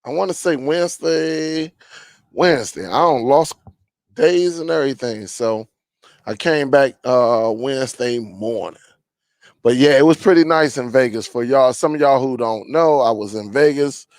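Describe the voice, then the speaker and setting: A man hosting a casual live stream chat, greeting viewers and reading their comments aloud in a relaxed, rambling way with many fillers. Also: medium pitch, unhurried, dry recording.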